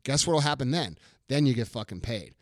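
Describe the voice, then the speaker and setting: A man's voice: medium pitch, expressive, brisk, dry recording, clean studio sound. A middle-aged man hosting a podcast, delivering a blunt, profane motivational rant and repeating his lines for emphasis. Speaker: podcast host.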